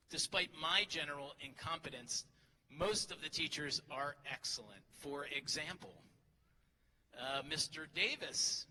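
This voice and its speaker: A middle-aged male teacher, his voice a little high and sharp, delivers a humorous graduation speech packed with teasing and self-deprecating jokes into a podium microphone. He's in a large hall at a graduation ceremony, and the recording carries hall reverb, faint crowd ambience, and slight background noise.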